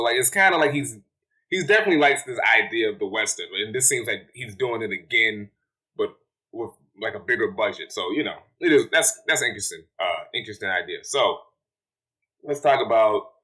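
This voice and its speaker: A man giving a casual movie review, rambling with many fillers and restarts, relaxed and plain-spoken. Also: lowish voice, rough recording.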